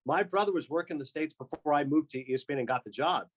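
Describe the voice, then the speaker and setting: A Canadian-born man who works as a sports broadcaster talks at a rapid clip. His slightly raised voice bounces through animated anecdotes in a relaxed podcast conversation. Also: on the high side, poor audio. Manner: fast, animated storyteller with quick asides. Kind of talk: casual podcast chat.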